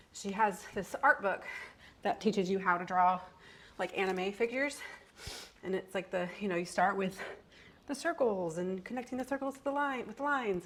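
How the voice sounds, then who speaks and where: Woman, fitness instructor, workout coaching, encouraging, chatty, mid pitch. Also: moderate pace. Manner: encouraging, pushes listeners to keep going; chatty, tells personal stories mid-workout. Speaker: mother. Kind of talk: workout coaching with motivational talk.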